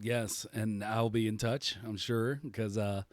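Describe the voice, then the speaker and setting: A man's voice: on the low side, flat delivery, takes it slowly, no echo. A man hosting a podcast, chatting casually, rambling and often breaking into laughter. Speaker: podcast host.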